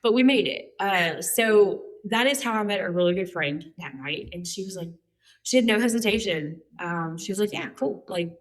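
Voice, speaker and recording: A woman's voice: mid-range voice, moderate pace. A woman in her forties telling her life story as a guest, chatty and humorous with lots of fillers. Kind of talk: candid personal storytelling.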